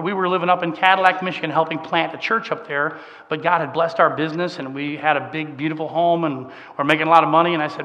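A middle-aged man, preaching a sermon through a conversational personal story that swings from soft and emotional to emphatic. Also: on the high side, steady tone, quick pace, highs cut off. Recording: long hall reverb.

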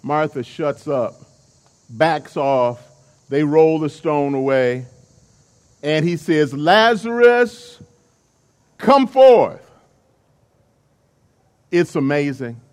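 A man's voice: on the high side, fairly even intonation, slow, a little mellow, smooth. A male preacher delivering a sermon, emphatic and calling on the congregation to respond.

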